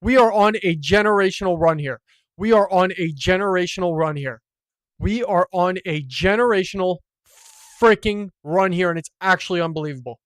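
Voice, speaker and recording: A man streams live gameplay with boastful, profane commentary, lurching between loud excitement and low muttering. He talks at a normal speed, and the recording is dry and studio quality.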